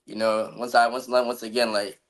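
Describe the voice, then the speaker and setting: A man's voice: mid-range voice, flat delivery, moderate pace, rough recording. Earnest young man talking motivation. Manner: earnest, motivational, says "bro" and "you feel me" a lot. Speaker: podcast guest. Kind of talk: casual podcast chat.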